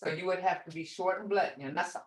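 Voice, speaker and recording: An older woman teaching a beginner language class over a video call, speaking slowly and patiently, often chuckling as she repeats each word. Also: fairly low pitch, fairly even intonation. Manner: slow, patient, repeats words to model sounds; chuckles often while explaining.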